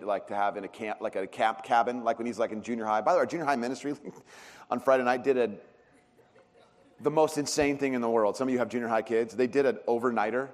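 A man preaching a sermon as a pastor, telling stories with animated swings in pitch and loudness. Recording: long reverb of a large hall.

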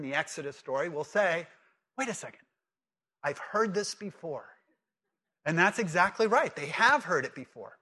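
Bright-voiced man preaching a sermon. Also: fairly high pitch. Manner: conversational, asks the congregation questions; emphatic repetition. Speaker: pastor.

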